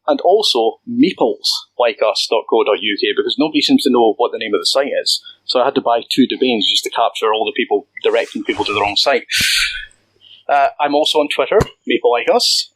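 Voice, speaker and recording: A man's voice: mid-range voice, fairly bright tone, no room sound, low-quality recording. A man with a Scottish accent, chatting as a podcast guest with dry, self-deprecating humor. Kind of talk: casual podcast chat.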